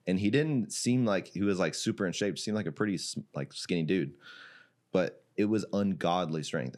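Low-voiced man telling a wild story. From Iraq. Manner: animated, laughing, heavy filler "like", swearing. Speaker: jiu-jitsu gym owner, podcast guest. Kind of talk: casual podcast storytelling.

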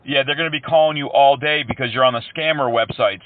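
A man calling scammers as a prank, talking calmly and mock-earnestly and throwing in broken Hindi words. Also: medium pitch, fast, no room sound. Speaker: prank caller and show host. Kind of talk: prank phone call to scammers. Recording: tinny phone line.

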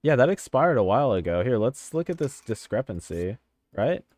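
A man giving excitable, chatty let's-play commentary while playing a video game, swearing casually. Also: medium pitch, moderate pace, no room sound. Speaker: gaming channel host.

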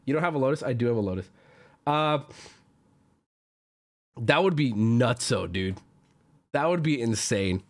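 A man streaming casually and answering his chat, excitable, swearing freely and jumping into loud outbursts. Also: medium pitch, unhurried, pauses often. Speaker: streamer opening card packs.

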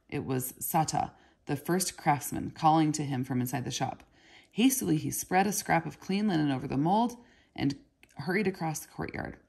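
Woman narrator for a read-aloud novel; low-pitched with a gravelly texture. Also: darkish tone. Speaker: reader.

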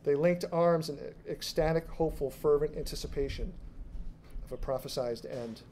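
Guy at a live reading, a bit high-pitched, doing slow dramatic narration, light background hum. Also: mellow, rough recording. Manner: measured, dramatic storytelling. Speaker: author reading his fiction. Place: bar reading room.

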